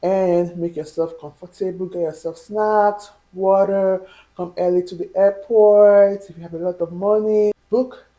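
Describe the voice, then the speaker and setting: A woman giving chatty advice in a vlog, often checking in with the viewer and filling pauses with "um". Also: mid-range voice, fairly even intonation, dark tone, rough recording. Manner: chatty, asks the viewer "right?" and "you know?", fills pauses with "um". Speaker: vlogger.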